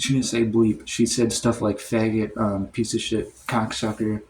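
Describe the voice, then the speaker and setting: Low-voiced rambling storytime man. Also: flat delivery, unhurried, few pauses, darkish tone, slight background noise. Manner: rambling, heavy on "like" and "um". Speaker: storytime comedian. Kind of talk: comedic storytime monologue.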